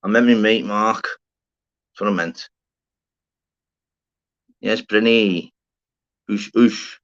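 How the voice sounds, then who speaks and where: A man chats loosely to his livestream viewers, rambling and swearing as he greets them. His voice sits fairly low, and the stream audio is dull and lo-fi. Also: steady tone, slow, fairly bright tone. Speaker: livestream host. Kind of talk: casual livestream chat reading the chat.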